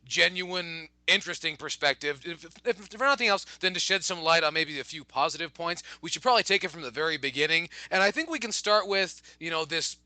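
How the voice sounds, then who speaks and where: A man's voice: fairly high pitch, brisk, hardly any pauses, sharp tone, dry recording. A man hosting a podcast in casual chat, rambling with lots of fillers and swearing. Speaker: podcast host.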